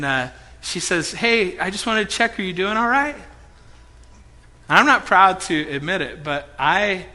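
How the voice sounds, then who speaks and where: A man preaching a sermon to his congregation, telling a story with animated acting, quoting people and swinging between loud and soft. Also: sits high. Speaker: pastor. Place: church hall before a congregation.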